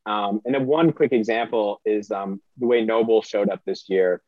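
A middle-aged man speaking as a podcast guest, rambling and excitable, with a self-deprecating manner. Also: on the low side, moderate pace, no echo, muffled recording. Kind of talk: casual interview talk.

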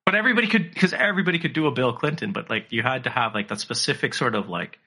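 Podcast co-host, male, husky and bright, animated storyteller. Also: medium pitch, very fast. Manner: animated storyteller, slips into impressions. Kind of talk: casual chat.

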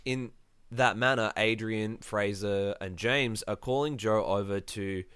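Dry-witted man recapping, bright crisp voice. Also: fairly low pitch, unhurried, no room sound. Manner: wry, recaps events with dry asides. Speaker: podcast host recapping a reality show. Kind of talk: casual chat.

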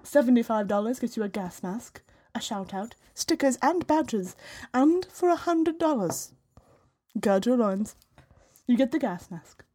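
Woman hamming up a hushed, husky, posh British lady, genteel and sultry. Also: a little high, expressive, unhurried. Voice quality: quiet and sultry. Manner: genteel, overly polite appeal. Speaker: podcast host.

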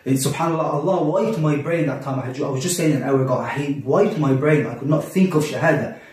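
A podcast guest tells a gripping personal story at a rapid clip, intense and repetitive, sprinkling in Arabic religious phrases. His voice is a little high with a darkish tone, and it echoes around the room from some distance from the mic.

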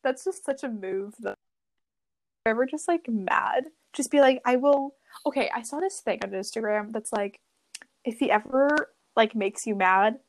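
A teenage girl in casual chat, her voice sitting a touch high. She talks in a slangy, chatty way and laughs often as she goes. The conversation stays loose and friendly throughout. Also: moderate pace. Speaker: guest.

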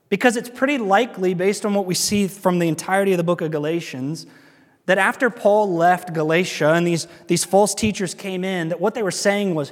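A male pastor preaching in a loose, conversational manner, hammering his main points through repetition. His voice sits a little higher than most men's, and a long reverb trails each phrase as if he is in a large hall. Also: a little fast. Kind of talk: sermon.

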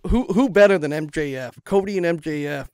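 A man's voice: on the high side, a little fast, smooth, no echo, studio quality. A man co-hosting a wrestling podcast, telling wild made-up scenarios in casual chat. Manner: animated storyteller, acts out scenes.

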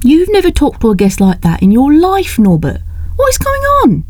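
A woman's voice: high voice, huge pitch swings, normal speed, no echo, pitched above the performer's own voice. A woman voicing a fiery, frustrated young woman who talks back indignantly. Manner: indignant, sharp-tongued. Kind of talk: audiobook character reading.

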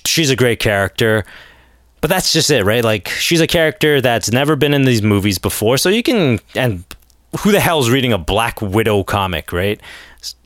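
A man hosting a solo podcast in a casual, rambling rant, breaking into sarcastic, animated outbursts. His voice sits in an ordinary middle pitch and sounds dry and close to the mic. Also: dry recording. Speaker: podcast host.

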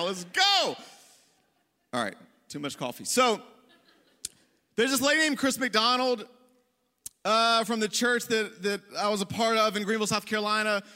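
A male pastor with a high, bright voice tells a funny story in a casual, self-deprecating way. He speaks in a large church hall, and his voice rings out with a long echo. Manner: self-deprecating, joking, conversational. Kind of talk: storytelling sermon.

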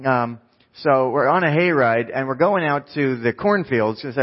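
A man's voice: medium pitch, animated, normal speed, dull audio. A man in his thirties, a pastor preaching in a church, telling a story in a casual, rambling, self-mocking way. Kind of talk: preaching a sermon with a personal story.

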